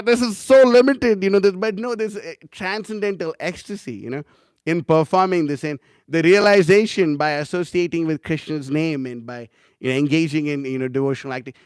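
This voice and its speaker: A man's voice: sits high, fairly bright tone, clean tone, no room sound, clean studio sound. A young man teaching a casual class, rambling and chatty with many fillers and laughs. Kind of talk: casual class talk with anecdotes.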